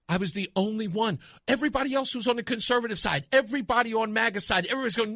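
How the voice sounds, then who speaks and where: A man hosting a talk radio show, delivering an animated, mocking opinion monologue. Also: sits high, rapid-fire, hardly any pauses, dry recording, clean studio sound. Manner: animated, mocking, acts out voices.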